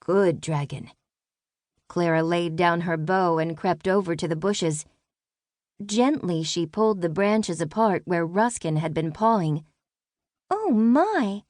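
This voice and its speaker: Woman reading a kids storybook, calm, slow and low, dry close mic. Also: no echo. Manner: calm and measured. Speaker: audiobook narrator. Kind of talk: scripted children's audiobook narration.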